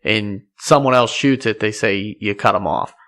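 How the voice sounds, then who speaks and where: A man's voice: on the low side, moderate pace, a bit bright. A man hosting a podcast in easy casual chat, agreeing and laughing along with his guest. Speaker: podcast host.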